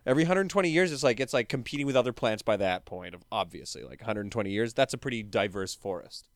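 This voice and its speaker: A man hosting a podcast, explaining with animated, joking energy. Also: on the low side, fast talker, no echo, clean studio sound. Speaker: podcast host. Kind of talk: casual podcast chat.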